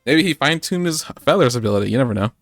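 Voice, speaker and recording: A man's voice: mid-range voice, animated, very fast, fairly bright tone, dry recording, studio quality, faint music behind. A man co-hosting a podcast, recapping an anime episode in casual, rambling chat with lots of fillers and jokes. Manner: rambling, joking, many fillers. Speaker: podcast co-host.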